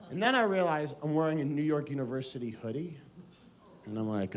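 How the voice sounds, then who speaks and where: An American man telling a story in a stand-up set on a comedy stage, acting out voices with lively energy. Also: medium pitch, brisk, background noise. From United States. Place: comedy stage before a live audience.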